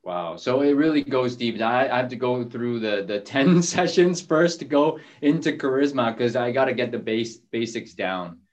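A man's voice: mid-range voice, normal speed, few pauses, highs cut off. A man hosting a group call, talking casually with fillers and restarts.

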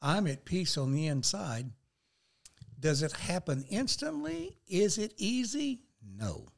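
The older male guest on this faith talk show has a high, creaky voice and takes his time. He speaks with earnest animation, weaving scripture quotes into what he shares.

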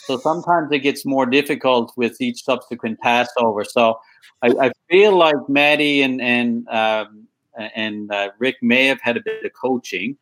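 Guest, man, relaxed storyteller, mid pitch, restarts sentences. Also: rough recording. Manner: unhurried, repeats words when starting sentences. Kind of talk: casual interview chat.

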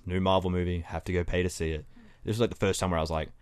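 A man's voice: low-pitched, little pitch movement, racing, darkish tone, smooth, no room sound, studio quality. A man as a podcast guest in casual chat, ranting with rising exasperation.

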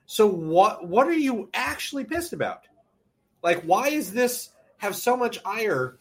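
A man's voice: high voice, very animated, measured pace, breathy edge. A man co-hosting a podcast in casual chat, tossing in wry, sarcastic quips. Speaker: podcast co-host.

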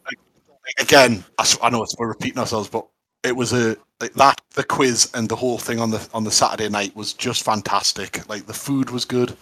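A man's voice: mid-range voice, fairly even intonation, brisk, pushed and bright, no room sound. Enthusiastic man chatting. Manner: chatty, enthusiastic, lots of fillers. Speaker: podcast co-host. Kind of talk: casual chat.

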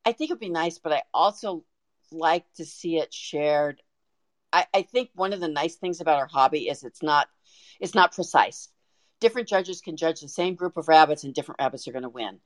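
A woman guest on a podcast, telling a story in an excited, animated way with frequent restarts. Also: low-pitched, normal speed, dry recording. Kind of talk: casual storytelling.

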